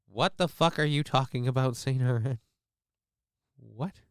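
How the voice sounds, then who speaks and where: Man, livestream host, rambling, profane, joking, crisp clear voice. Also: mid-range voice, measured pace, no echo, studio quality. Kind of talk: casual chat to a live chat.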